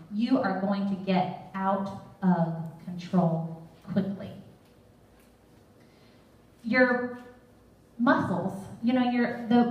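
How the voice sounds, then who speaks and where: A woman's voice: mid-range voice, darkish tone. Earnest woman teaching in an echoey hall. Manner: earnest, conversational, quotes scripture. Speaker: Bible teacher. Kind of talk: sermon-style teaching. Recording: very echoey room from far off.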